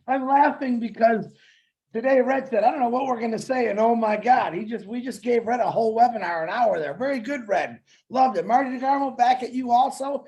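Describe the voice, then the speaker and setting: A man's voice: very high-pitched, fairly quick, a little mellow. A man co-hosting a webinar, chatting casually and telling jokey stories with a laugh. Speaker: webinar co-host. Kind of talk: casual promotional webinar chat.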